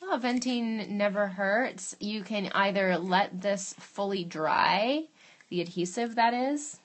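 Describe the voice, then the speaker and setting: A woman's voice: mid-range voice, slow. A woman demonstrating a glass craft in her studio on a live stream, chatting casually, thinking aloud and answering viewer questions as she works.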